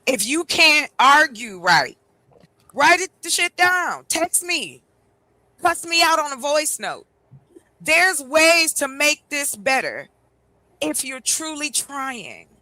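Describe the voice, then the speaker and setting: A woman hosting a casual podcast chat, blunt and animated, telling stories with slang. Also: sits high, takes it slowly, dry recording.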